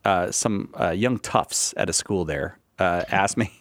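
A man's voice: low-pitched, unhurried, no room sound, studio quality. A man from the United States hosting a live radio call-in show, joking and reading listener questions.

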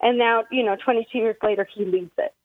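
A woman's voice: on the high side, steady tone. Tearful woman caller on a phone line. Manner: emotional, halting, choked up. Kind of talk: call-in radio conversation.

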